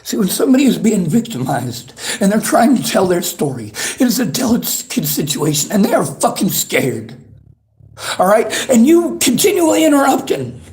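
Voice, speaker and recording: A man's voice: sits high, big pitch swings, moderate pace, darkish tone. A worked-up man streaming from a library, repeating himself in an angry, profane rant at his chat. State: agitated, worked up.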